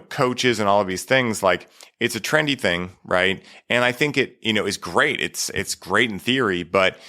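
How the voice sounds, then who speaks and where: A man's voice: low-pitched, pushed and bright. A male podcast host in casual conversation, affirming his guest and checking in with "right?" often. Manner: affirming, peppers speech with "right?". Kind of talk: casual chat.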